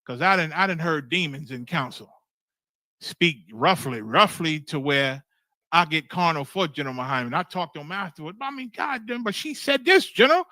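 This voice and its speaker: A man's voice: on the high side, lively intonation, moderate pace, sharp tone, no room sound. A man leading a scripture study on a livestream, preaching in a fiery, blunt and profane way with emphatic repetition.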